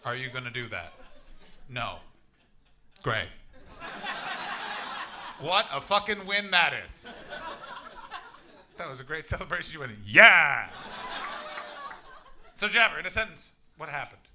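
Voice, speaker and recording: A Canadian man in his thirties works the crowd from a comedy club stage, swearing freely and bursting into shouts. His voice sits a little high for a man. Clear crowd noise fills the room around him. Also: big pitch swings, measured pace, pauses often. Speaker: stand-up comedian. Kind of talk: stand-up crowd work.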